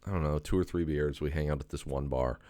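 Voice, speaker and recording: A man's voice: rumbling low, steady tone, fast, mellow, no echo, clean studio sound. A young man hosting a podcast, telling a rambling story in a loose, swearing way with lots of fillers and restarts. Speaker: podcast host.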